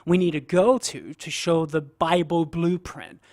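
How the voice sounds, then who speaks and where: A man's voice: on the high side, a little slow, darkish tone, no room sound, clean studio sound. A man from southern Louisiana with a Cajun accent, a guest on a radio show, talking casually and laughing often as he explains a Bible passage. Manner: laughs often, folksy and earnest. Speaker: guest apologist.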